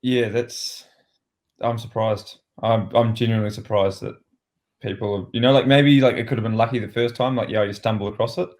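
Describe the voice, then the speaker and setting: A man's voice: lowish voice, fairly even intonation, brisk. A man co-hosting a podcast in casual chat. He is talkative and works his thoughts out aloud in loose, rambling sentences. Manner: chatty, thinks out loud. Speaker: podcast co-host.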